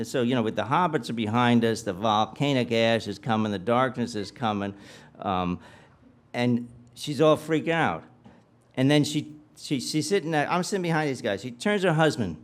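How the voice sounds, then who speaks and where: A man's voice: medium pitch, lively intonation, moderate pace. A man giving a humorous guest lecture, telling stories animatedly and acting out dialogue with comic asides.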